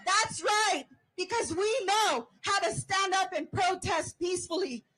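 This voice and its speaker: A woman's voice: very high voice, normal speed, a bit bright, rough recording. A woman giving an impassioned protest rally speech outdoors, leading call-and-response chants as a union member.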